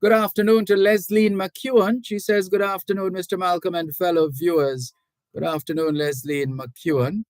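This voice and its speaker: A middle-aged Jamaican man hosting a call-in radio talk show. He reads listener messages aloud and talks in a measured, deliberate way, often restarting his sentences. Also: high-pitched, steady tone, no room sound, rough recording. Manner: deliberate, measured, with frequent restarts and hedging asides. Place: radio studio. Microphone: studio microphone.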